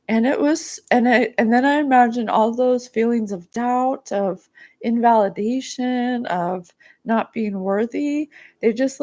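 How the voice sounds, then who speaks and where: A woman hosting a psychic show, giving spiritual guidance in a soft, earnest, emotional way. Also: on the high side, gravelly. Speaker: psychic podcast host. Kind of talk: spiritual guidance talk, reading viewer comments.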